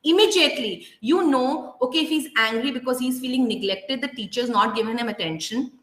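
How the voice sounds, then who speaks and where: A woman's voice: on the high side, fairly bright tone. Earnest Indian English woman, roomy sound. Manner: earnest, emphatic, slows down to stress key points. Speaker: parenting educator. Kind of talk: workshop talk to parents and teachers. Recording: roomy echo.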